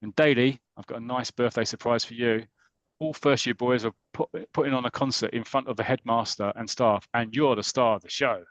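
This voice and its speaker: A man's voice: mid-range voice, fairly even intonation, fairly quick, dry recording, lo-fi sound, lightly acted. A bossy teenage dormitory prefect from a comic, demanding and bullying, as a man reads him aloud. It stays close to the reader's everyday voice. The sound is dry.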